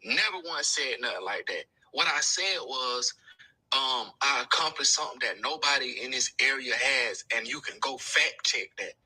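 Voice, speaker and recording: A man's voice: medium pitch, lively intonation, moderate pace, bright, forceful tone, slightly rough, poor audio. A young man, a rapper, talking bluntly and defensively in street slang, played from a video.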